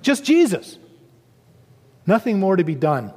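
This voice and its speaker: A man preaching a sermon, animated and storytelling, rising to emphatic quotes. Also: high voice, measured pace, long reverb tail.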